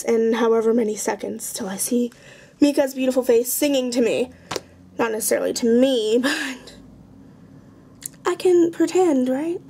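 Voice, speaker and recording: Showing off her art journal at home, a young woman chats in a rambling, self-mocking way for a casual show-and-tell vlog. Her high voice is a little mellow, and some faint background noise is present.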